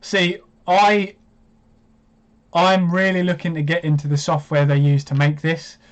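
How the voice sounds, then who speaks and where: Male streamer, slightly high voice, rambling commentary with excited outbursts, dull lo-fi audio. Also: a little fast. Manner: chatty, hesitant, bursts into excited reactions. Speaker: live stream host. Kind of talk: live watch-along commentary.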